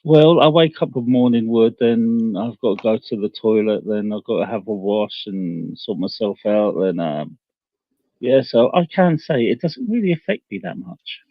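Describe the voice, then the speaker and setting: Man on a voice chat, dry and blunt deadpan, flat close-miked sound. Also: medium pitch, moderate pace, dry recording. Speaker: voice chat guest. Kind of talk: casual voice-chat banter. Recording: dull lo-fi voice chat.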